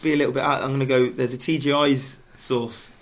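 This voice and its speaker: A man, a footballer guest in a radio studio, chatting casually and haltingly with many restarts and fillers. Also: mid-range voice, little pitch movement. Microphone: studio microphone.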